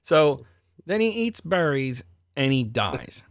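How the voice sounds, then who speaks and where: A man telling a profane story in casual chat, animated, his voice swinging between loud outbursts and quiet asides. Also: mid-range voice, slow pace.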